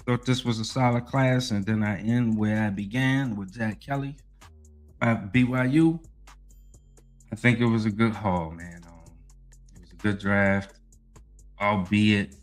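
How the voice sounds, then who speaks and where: A man with a lowish voice hosts a laid-back sports podcast, ranting with lots of cursing. He keeps tossing in "you know what I mean" as he talks. Soft music plays faintly behind him. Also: measured pace. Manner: animated, profane, heavy use of "you know what I mean". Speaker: podcast host. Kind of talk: casual sports podcast talk and rant.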